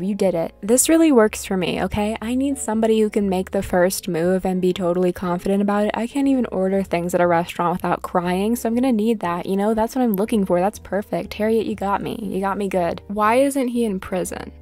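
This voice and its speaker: A woman's voice: medium pitch, a little mellow. A woman giving comedic gameplay commentary, reading out game events and ranting dramatically and sarcastically, with some swearing. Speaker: gaming commentator.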